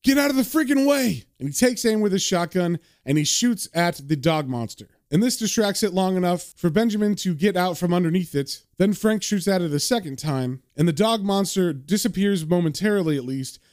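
A man's voice: high-pitched, expressive, brisk, few pauses, darkish tone, no room sound, clean studio sound. A man casually narrating and recapping a comic book story, with a chatty manner full of fillers.

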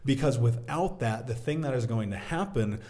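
Male guest, 30s, animated storyteller, casual interview delivery, mid pitch. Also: moderate pace. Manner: animated storyteller, says "dude" and "man". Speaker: podcast guest, business owner.

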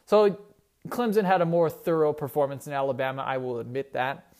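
A man's voice: fairly high pitch, lively intonation, brisk, a little mellow. A young man hosting a casual solo sports talk show, rambling and correcting himself as he goes. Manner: rambling, self-correcting, conversational. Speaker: sports podcast host.

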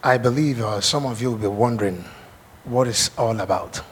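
A man's voice: mid-range voice, normal speed, heavy background noise. A man serving as pastor, welcoming his congregation and online viewers in an earnest way, with frequent "you know" fillers.

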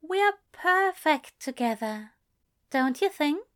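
A woman's voice: high voice, expressive, slow, fairly bright tone, voice pushed up, heavily acted. A woman voicing a fussy, affectionate male angel in a fan-fiction reading, speaking in a fond, coaxing way. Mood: doting.

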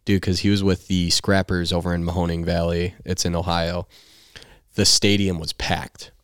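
A man in his twenties, a podcast guest, tells his story in a casual, animated way, swearing freely and saying "like" often. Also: sits low, moderate pace, clear, resonant tone, no room sound, clean studio sound. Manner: animated, profane storytelling with lots of "like". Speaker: podcast guest, baseball player.

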